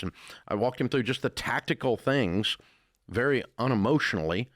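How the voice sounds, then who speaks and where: A man's voice: mid-range voice, normal speed, a bit bright, no echo, clean studio sound. An older man with a Southern American accent, answering interview questions with folksy, blunt storytelling. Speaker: radio host, interviewee.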